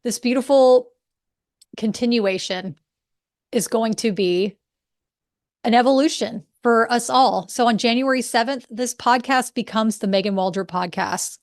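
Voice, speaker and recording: A woman, hosting a podcast and telling a story in a casual, animated way, laughing often. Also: on the high side, a little slow, no room sound, clean studio sound. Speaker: podcast host.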